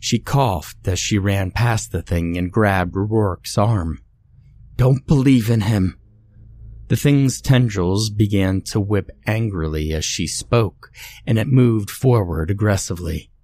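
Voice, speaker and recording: A man narrating a scary story in a measured, scripted way. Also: fairly low pitch, a little mellow, dry recording.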